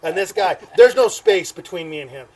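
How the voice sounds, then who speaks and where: High-voiced, profane man telling a story. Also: a little fast, crowd noise. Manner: animated, profane, laughing storyteller. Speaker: podcast co-host. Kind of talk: casual storytelling chat.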